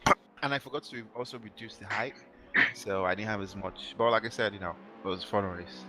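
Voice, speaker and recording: A man's voice: on the low side, a little fast, loud music behind the voice. A man in casual voice chat recapping a sim race, rambling with frequent laughs and self-deprecating asides. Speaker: sim racer.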